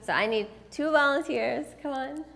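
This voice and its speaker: A woman's voice: sits high, normal speed, creaky, a bit bright. A woman presenting a live workshop, teasing and directing volunteers in front of an audience. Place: event room with an audience.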